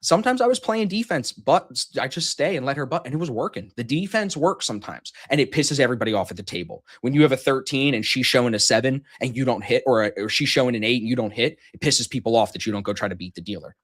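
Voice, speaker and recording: Male podcast host, mid-range voice, foul-mouthed, animated anecdote teller. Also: mid-range voice, quick pace. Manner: animated, profane storytelling, acts out quotes loudly. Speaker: podcast host telling a story. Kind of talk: casual chat.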